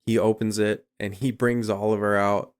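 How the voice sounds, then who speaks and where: Low-voiced man casually recapping a film. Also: flat delivery, moderate pace, smooth. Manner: loose, profane storytelling with many fillers. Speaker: podcast co-host.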